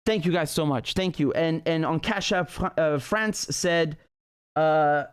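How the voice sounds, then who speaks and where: A man's voice: on the high side, a little slow, smooth, no echo, clean studio sound. A man hosting a livestream political commentary show, ranting heatedly with profanity and frequent restarts. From Britain.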